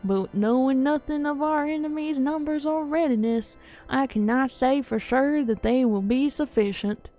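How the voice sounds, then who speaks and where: A woman voicing a stern, formal noble knight commander from a fantasy game, words slightly slurred together, with soft music behind. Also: high-pitched, moderate pace, pitched above the performer's own voice, lightly acted. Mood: grave.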